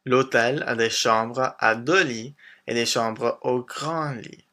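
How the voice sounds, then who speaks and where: Speaking slowly in a medium-pitched voice with a sharp tone, a man reads scripted narration for a beginner language lesson. Patient and encouraging, he relies on short prompts and repetition, mixing English with French phrases.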